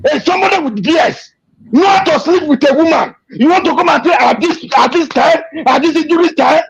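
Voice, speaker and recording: High-voiced man ranting angrily, lo-fi. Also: expressive, a little fast, gravelly. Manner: emotional, repetitive, shouting in anger at times. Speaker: activist speaking to an interviewer. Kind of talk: impassioned political rant. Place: abroad. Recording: dull lo-fi recording.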